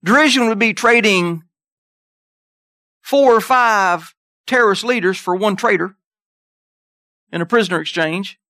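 A preacher gives an animated sermon, reading scripture and jumping up into high voices to make his point. His voice is bright and forceful. The recording is dry and close. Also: a little slow, pauses often, no echo. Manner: animated, jumps into high voices, scripture in King James wording.

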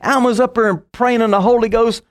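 Casting: middle-aged male preacher, high-pitched, storytelling sermon with quick asides. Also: fairly even intonation.

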